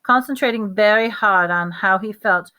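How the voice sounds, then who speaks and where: Woman reading a book aloud, bright voice, steady with little stumbles here and there. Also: mid-range voice, moderate pace. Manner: steady reading with small slips and restarts. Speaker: audiobook reader.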